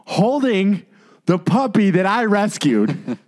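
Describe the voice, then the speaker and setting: A man's voice: high-pitched, very animated, takes it slowly, darkish tone. A man, co-hosting a podcast and ranting heatedly with lots of swearing. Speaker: podcast co-host.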